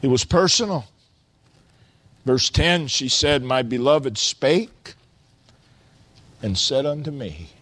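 Slow, deliberate male preacher. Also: mid-range voice, animated. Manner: builds to loud, stretched-out exclamations. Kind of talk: sermon.

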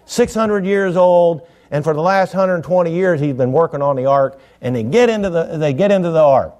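A middle-aged man preaching a sermon in a folksy, joking way, swinging between loud emphatic lines and quiet asides. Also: on the high side, fairly quick.

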